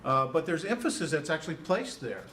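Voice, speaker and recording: This Greek instructor's voice is a little high and swings widely in pitch as he moves along briskly. He teaches in a laid-back way, with plenty of fillers and questions for the class. Faint noise and distance mark the recording.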